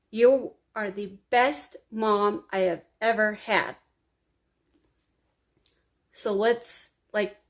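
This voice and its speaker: A woman telling her own life story to camera, confiding and emotional, crying as she speaks. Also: medium pitch. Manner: emotional, confiding, slow and halting. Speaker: vlogger.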